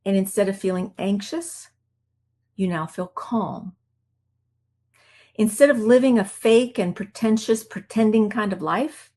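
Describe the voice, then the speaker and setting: A woman coach giving a self-help teaching talk in a calm, reflective way, acting out her own inner voice. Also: mid-range voice. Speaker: marriage coach.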